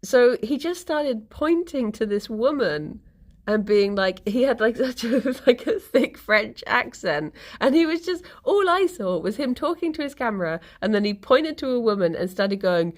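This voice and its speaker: A woman's voice: on the high side, very animated, moderate pace. A young woman streaming, chatting casually with viewers in a rambling, giggly, sleepy way. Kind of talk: relaxed casual stream chat, reading chat.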